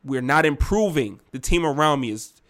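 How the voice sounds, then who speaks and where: A man acting out a frustrated basketball star who raises his voice and pitch as he keeps demanding a winning team. He repeats his demands and pushes the owner hard. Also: expressive, normal speed, a bit bright. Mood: heated. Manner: heated, repetitive, insistent. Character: frustrated male star player demanding to win.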